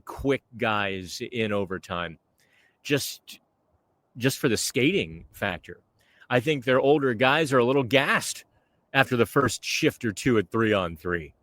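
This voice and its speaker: A man's voice: medium pitch, a bit bright, dry recording. A man hosting a casual podcast outdoors by the water, talking chattily to the camera. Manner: chatty, conversational. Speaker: podcast host.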